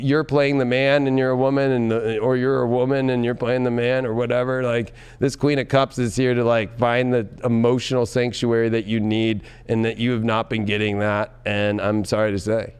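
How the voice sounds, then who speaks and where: A man giving a tarot reading in an excitable, loud and profane way, often breaking into laughter. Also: medium pitch, smooth. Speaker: tarot reader.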